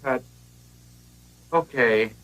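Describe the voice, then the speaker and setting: A man's voice: mid-range voice, drawn-out words, a bit bright. A man playing a weary, clipped ad director. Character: weary male commercial director.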